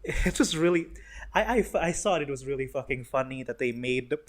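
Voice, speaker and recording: A man's voice: medium pitch, expressive, fairly quick. A young man giving a casual, rambling movie review, swearing often and full of fillers and restarts. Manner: rambling, profane, sarcastic, lots of fillers and restarts.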